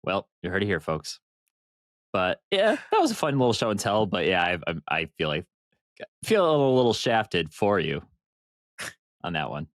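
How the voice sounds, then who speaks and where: A man's voice: deep voice, normal speed, long pauses, no room sound, studio quality. A man co-hosting a podcast in casual chat, telling long rambling stories with the odd swear word. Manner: rambling, animated storytelling with swearing. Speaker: podcast co-host.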